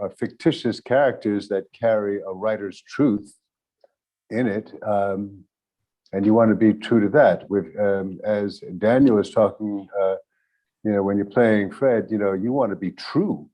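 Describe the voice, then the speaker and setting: Male actor on a panel, low voice, slow and searching delivery. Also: lo-fi sound. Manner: slow, halting, many restarts. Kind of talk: unscripted panel answer.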